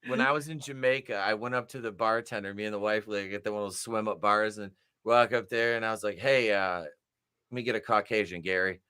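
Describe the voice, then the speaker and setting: A man's voice: fairly low pitch, fairly even intonation, fairly quick, sharp tone, clear, resonant tone. A man co-hosting a casual podcast from his home media room, a rowdy storyteller who swears and acts out quotes. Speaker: podcast co-host. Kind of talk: casual chat.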